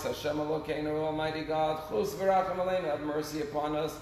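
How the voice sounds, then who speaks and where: A man preaches as a rabbi in a synagogue sanctuary, telling stories earnestly as his volume rises and falls. His voice is on the high side, darkish, a little fast and with little pitch movement. The sanctuary is echoey with long reverb and faint noise.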